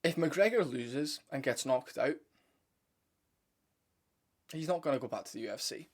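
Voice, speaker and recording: A man's voice: mid-range voice, animated, unhurried, slightly rough. Blunt, rambling young man host. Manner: blunt, opinionated, rambling with restarts and casual swearing. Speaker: MMA commentary channel host. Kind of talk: casual opinion breakdown to camera.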